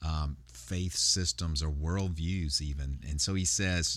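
A man's voice: very deep voice, slow pace, hardly any pauses, fairly bright tone, no room sound. A male pastor retelling a Bible story in a sermon, talking conversationally with frequent fillers and restarts.

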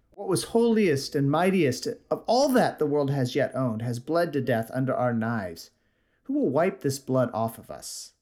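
A man's voice: on the high side, darkish tone. A preacher voicing a frantic male madman who hurls urgent questions at a crowd.

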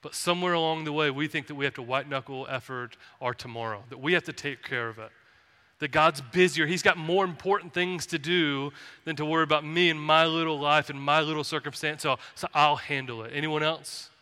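A man preaching a sermon as pastor, earnest and pleading, often dropping to a soft, gentle tone. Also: a little high, fairly quick, smooth. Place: church sanctuary. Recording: reverberant church hall.

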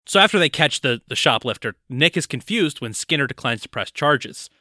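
A man co-hosts a podcast and walks through a film's plot in relaxed, joking chat. His tone is bright and forward. The sound is close and dry, with no room around it. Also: medium pitch, brisk, no echo. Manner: relaxed, jokey plot recap with frequent laughs. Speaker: podcast co-host. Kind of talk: casual chat recapping a film.

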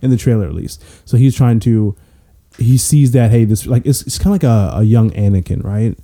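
Rambling man with a dark voice. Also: medium pitch, brisk. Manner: rambling, lots of fillers and joking. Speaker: podcast co-host. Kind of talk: casual chat.

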